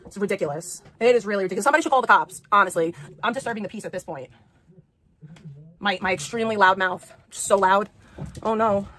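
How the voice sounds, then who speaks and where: A woman's voice: mid-range voice, fast talker, fairly bright tone. A woman livestreaming an angry rant, profane and repeating herself.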